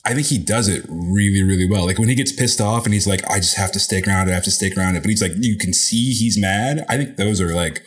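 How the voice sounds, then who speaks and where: A man co-hosting a podcast in casual chat, animated and profane, with lots of filler. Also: low voice, fast, hardly any pauses, breathy edge. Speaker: podcast co-host.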